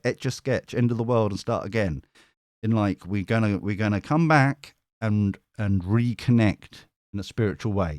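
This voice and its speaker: A man's voice: fairly low pitch, a little mellow, no room sound, studio quality. A man with a British accent, giving a chatty live tarot reading. He rambles, gets sidetracked and swears casually. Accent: British English. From Britain. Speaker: tarot reader.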